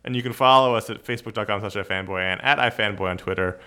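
A man's voice: fairly low pitch, fast, sharp tone, smooth. A man co-hosting a podcast, chatting casually and rambling with restarts. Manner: self-deprecating, rambling with restarts. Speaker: podcast co-host. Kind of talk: casual chat.

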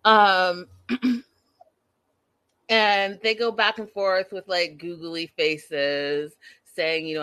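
A woman's voice: medium pitch, slow, pauses often, fairly bright tone, no echo. A woman recapping reality TV in a casual, gossipy chat, talking straight to her viewers and laughing often.

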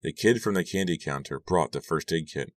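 An extremely deep-voiced man narrates a first-person audiobook story at a steady, brisk pace. The sound is close and dry with no room or echo, though it is also described as recorded from a distance.

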